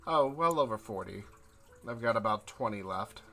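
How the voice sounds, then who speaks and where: A man's voice: on the low side, lively intonation, normal speed, sharp tone. A man doing a chatty bread delivery woman. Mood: friendly chatty. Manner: polite, chatty small talk. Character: friendly breathless woman bread courier.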